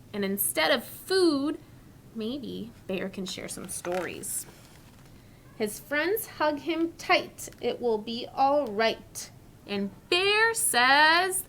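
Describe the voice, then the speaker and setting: A woman teacher reading a story to young children, asking questions and modelling sounds slowly and clearly. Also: a little high, sharp tone, slight background noise. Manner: slow, clearly articulated, questioning.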